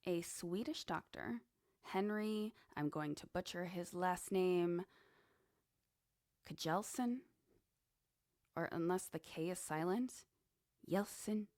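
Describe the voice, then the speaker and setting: A woman's voice: on the low side, measured pace, darkish tone, dry recording, clean studio sound. A woman hosting a podcast, musing in a casual monologue with conversational asides. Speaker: podcast host. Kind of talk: casual monologue on esoteric topics.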